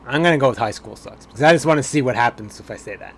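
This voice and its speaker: Male streamer, playful and chatty, mid-pitched voice, faint traffic noise behind. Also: rapid-fire, hardly any pauses. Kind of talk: casual game commentary.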